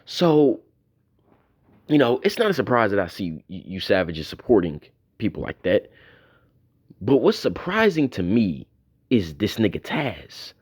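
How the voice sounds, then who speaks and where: A man's voice: lowish voice, sing-song, unhurried, breathy edge. A man delivering a profane, mocking tirade in a commentary video. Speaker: YouTube commentator.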